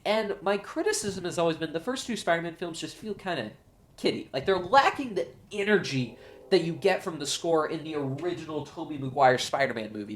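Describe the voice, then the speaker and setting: A man hosting his own show, giving an excited, gushing solo movie review. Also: fairly high pitch, brisk. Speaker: show host, film reviewer.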